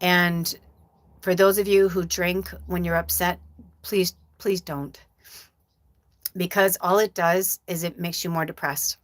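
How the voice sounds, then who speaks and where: A woman's voice: fairly low pitch, fairly even intonation, slow pace, no echo. A middle-aged woman hosting a live stream as a medium, talking casually and from the heart, rambling with many fillers.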